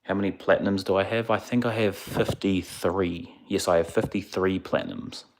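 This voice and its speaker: A man's voice: sits low, animated, moderate pace. A man casually chatting on a livestream, laid-back and rambling, a little sleepy. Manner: laid-back, rambling, answers chat questions. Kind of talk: casual live-stream chat.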